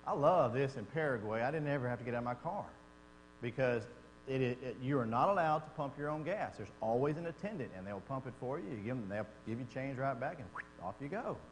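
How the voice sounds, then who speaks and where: A man teaching a Bible class in a conversational, animated way, acting out quotes as he explains. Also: medium pitch, fast. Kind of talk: church class lecture. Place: church classroom. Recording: long reverb in a church hall, faint hum.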